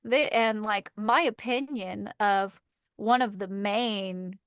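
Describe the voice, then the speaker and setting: A woman's voice: medium pitch, slow, clear, resonant tone, dry recording, studio quality. A woman with a Southern US accent, chatting casually as an audiobook narrator, telling stories with lots of fillers. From Texas. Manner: animated storyteller, many "like" fillers. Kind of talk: casual chat.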